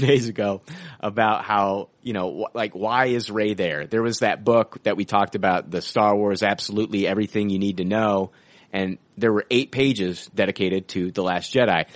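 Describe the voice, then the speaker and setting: A man co-hosting a podcast, talking excitedly about a film trailer and swearing casually. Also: on the low side, dry recording. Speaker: podcast co-host.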